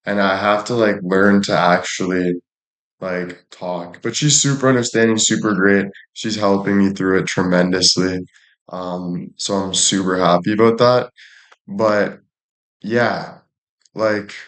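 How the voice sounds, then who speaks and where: A man streaming live and chatting casually, joking around, cursing freely and thanking viewers by name. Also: on the low side. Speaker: livestreamer. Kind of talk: casual livestream chat. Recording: echoey room.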